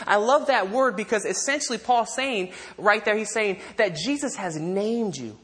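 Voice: medium pitch, expressive, normal speed, few pauses, fairly bright tone. A pastor preaching a sermon in a conversational way, with joking asides to the congregation and repeated lines said together. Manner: leads call-and-response repetition.

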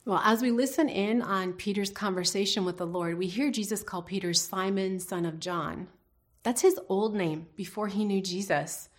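A woman's voice: mid-range voice, moderate pace. A woman teaching a devotional Bible lesson in an earnest, reflective way, putting questions to her listeners.

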